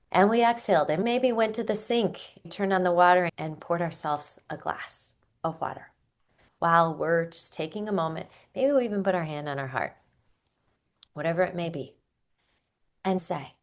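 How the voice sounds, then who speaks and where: Woman parenting coach, lowish voice, soft reflective talk, acts out parents sometimes. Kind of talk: solo podcast talk.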